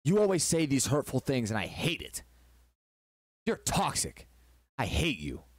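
A man's voice: mid-range voice, huge pitch swings, no echo, clean studio sound, exaggerated voice. A man voicing a frustrated husband who sighs, stammers and brushes his wife off. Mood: resentful. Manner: sighing, halting, dismissive.

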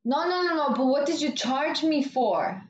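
A woman voicing a dazed, insistent female customer who keeps repeating herself slowly. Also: high-pitched, animated, pitched above the performer's own voice. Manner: slow, confused, repeating herself. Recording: dull, roomy recording.

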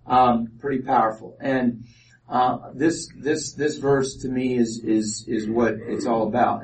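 A man's voice: medium pitch, steady tone, darkish tone, slight background noise. Guy telling his story to a room, lots of ums and restarts, sounds kinda far from the mic. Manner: halting, many fillers and restarts. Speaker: speaker presenting a ministry project. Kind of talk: informal testimony talk to an audience. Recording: voice from a distance off mic.

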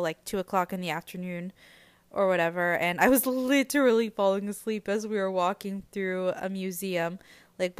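A woman's voice: fairly low pitch, smooth, no room sound. A woman hosting a podcast, recapping a book in a chatty, conversational way.

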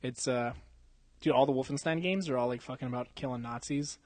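Young man, podcast co-host, casual rambling chat, frequent laughs, heavy swearing, mid pitch, dry sound. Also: a little fast, a little mellow, no echo.

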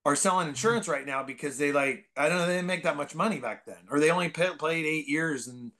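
Bay area guy telling stories on a podcast, lots of "like", gets loud and excited, kinda high voice. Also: fast talker. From San Francisco Bay Area. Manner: rambling, filler-heavy, bursts into loud excited impressions. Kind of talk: casual podcast storytelling.

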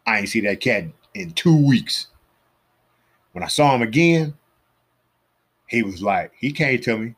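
A low, husky male voice with a lively, swinging delivery, chatting casually as the host of a fitness podcast. He tells stories in an animated way and acts out the people he quotes. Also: unhurried, pauses often. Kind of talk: casual storytelling monologue.

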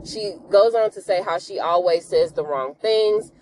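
A woman hosting a podcast, retelling a TV episode in a chatty, animated way full of slang and asides. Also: mid-range voice, unhurried, a little hiss or hum. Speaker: podcast host. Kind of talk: casual episode recap.

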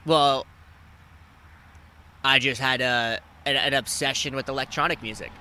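A man in his twenties hosting a podcast, telling stories in casual chat, animated and swearing freely, acting out the people he quotes. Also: unhurried, clear, resonant tone. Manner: animated, acts out quoted people with big jumps in pitch and loudness. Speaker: podcast host.

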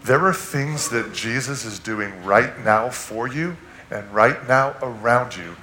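A male preacher telling a story from the pulpit, swinging between loud, animated bursts and hushed passages. His voice is bright and forceful, carried by the echo of a church hall, with faint noise underneath. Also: medium pitch, slow. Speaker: guest preacher. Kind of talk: sermon with personal story. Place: church sanctuary.

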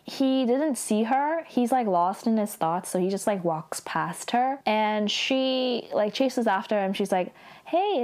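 A woman's voice: fairly high pitch, a little mellow. Young woman, casual drama recap host, talkative and informal, sprinkles "like" everywhere. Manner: chatty, heavy use of "like", acts out quotes with laughs.

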